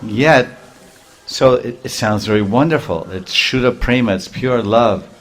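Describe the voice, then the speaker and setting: A man preaching a sermon, telling a story in an animated way with frequent chuckles and Sanskrit terms. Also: medium pitch, measured pace.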